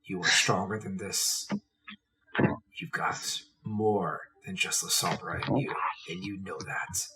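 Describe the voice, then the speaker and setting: Man doing a big stern vampire, calm and protective, very deep, bright-edged tone, distant mic, faint hiss. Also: slow, heavily acted. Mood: soft, firm.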